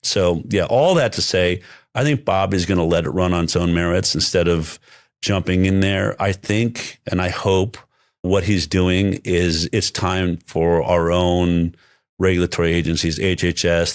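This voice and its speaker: A man's voice: sits low, fairly even intonation, unhurried, no echo. A man speaking as an interview guest in casual conversation, emphatic and often restarting his sentences.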